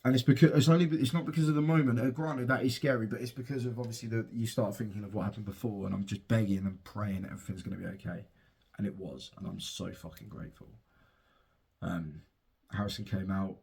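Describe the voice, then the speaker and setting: A man's voice: on the low side, fairly even intonation, fast, creaky, a little mellow, breathy edge. A young father casually telling a heartfelt personal story and swearing freely. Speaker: father and podcast host.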